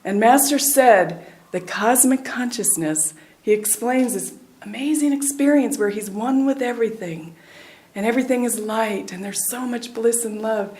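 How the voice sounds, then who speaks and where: A woman in her sixties from the United States, a spiritual teacher giving a devotional talk with a personal story, earnest and dropping to a soft hush at tender moments. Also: on the high side, moderate pace.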